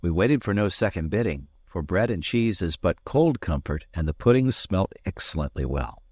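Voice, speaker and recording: Deep-voiced, expressive male audiobook narrator. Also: normal speed, slightly rough, no echo, studio quality. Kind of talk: scripted narration.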